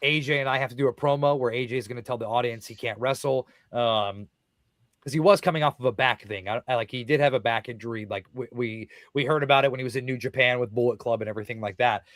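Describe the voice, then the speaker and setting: A man in his thirties, a podcast guest telling a wrestling story in casual, excitable talk, swearing often and acting out quotes. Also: mid-range voice, no echo.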